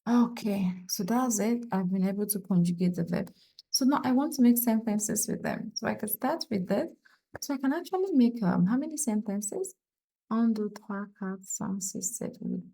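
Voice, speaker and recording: Woman teacher for an online French lesson, mellow voice, patient, repeats examples slowly. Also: mid-range voice, creaky.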